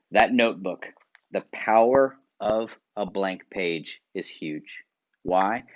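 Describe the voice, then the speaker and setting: A man from the United States giving a motivational video talk, coaching viewers through exercises with direct instructions, shifting from loud emphasis to quiet asides. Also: deep voice. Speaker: workshop presenter. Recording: dull lo-fi sound.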